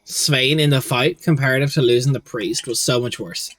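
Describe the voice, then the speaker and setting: A man's voice: medium pitch, moderate pace, fairly bright tone. A young man hosting a casual livestream as game master, rambling and upbeat with many restarts. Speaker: stream host and game master.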